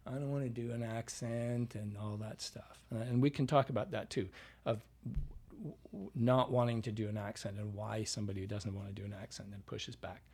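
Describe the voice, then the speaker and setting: In a brisk, low, darkish voice with a bit of roughness, this Canadian man talks about his work as a dialect coach during a relaxed interview. His delivery is flat with few pauses, and he keeps checking in with "right?" as he explains things.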